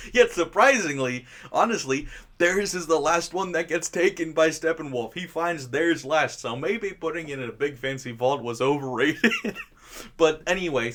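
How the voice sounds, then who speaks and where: A man's voice: medium pitch, a bit bright. Sarcastic man ranting about a film. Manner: sarcastic, chuckles often, mocking. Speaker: channel host reviewing a film. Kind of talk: casual movie review rant.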